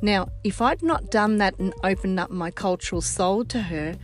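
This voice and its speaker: An older woman with an Australian accent hosting a casual chat, telling stories in a warm, heartfelt way. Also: mid-range voice, normal speed, faint music behind.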